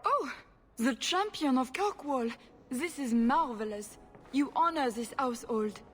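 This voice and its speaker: An actress voicing a fussy, flustered aristocratic countess with a French accent in a video game. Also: female voice, high voice, lively intonation, a little slow, a bit bright. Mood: gushing. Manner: gushing, theatrical, evasive.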